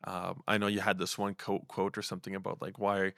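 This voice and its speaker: A man's voice: low-pitched, completely flat delivery, fast talker, gravelly, fairly bright tone, no echo, clean studio sound. A man hosting a casual podcast interview, asking long, winding questions and affirming his guest. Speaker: podcast host.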